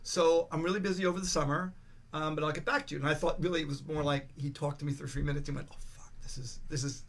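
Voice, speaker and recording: A man's voice: a little high, steady tone, quick pace. Rambling older man telling stories. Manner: rambling, restarts a lot, swears, acts out quoted voices. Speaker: podcast guest. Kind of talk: casual storytelling chat.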